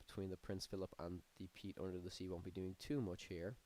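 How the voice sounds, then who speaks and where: A man's voice: sits low, level tone, a little fast, mellow. A man giving live play-by-play commentary on a card game tournament, his energy rising on big plays. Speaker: tournament caster.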